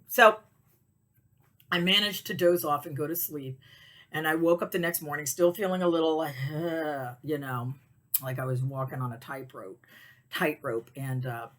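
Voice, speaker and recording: A woman hosting a podcast, telling a personal story in a casual, animated way and acting out her own panicked thoughts. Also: deep voice, moderate pace. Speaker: podcast host.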